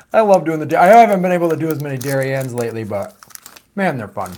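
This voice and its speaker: A man's voice: on the high side, a little fast, darkish tone. A man hosting a live-stream show, reading viewer comments and questions in a loose, joking, profane way. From United States. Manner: loose, jokey and profane, with many fillers and trailing asides. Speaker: host of a political show.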